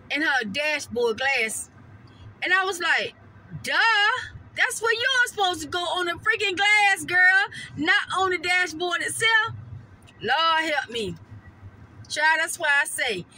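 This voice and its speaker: Woman, high bright voice, chatty vlog in a parked car, faint noise behind. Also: poor audio. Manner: chatty, addresses viewers as y'all and honey. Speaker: vlogger. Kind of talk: casual mukbang vlog chat.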